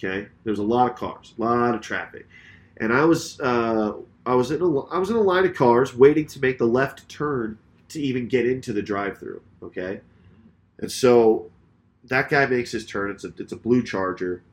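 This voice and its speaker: A man co-hosting a podcast retells a road-rage story in casual chat, his mid-range voice moving at a moderate pace. He swears freely and acts out what the people involved said, making the retelling profane and animated.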